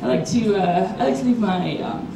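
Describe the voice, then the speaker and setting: A woman's voice: medium pitch, fairly quick, creaky. A young woman doing a stand-up set, full of "like" and giggles. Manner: giggly, valley-girl filler "like". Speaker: stand-up comedian. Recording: echoey club from far off, crowd noise.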